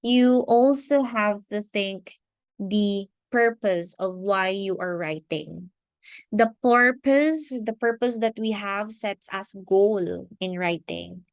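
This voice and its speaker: Filipino lady teacher lecturing real slow, dry close sound, keeps restarting phrases. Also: medium pitch, no room sound. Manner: measured, repeats and restarts phrases with fillers. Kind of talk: recorded online lecture.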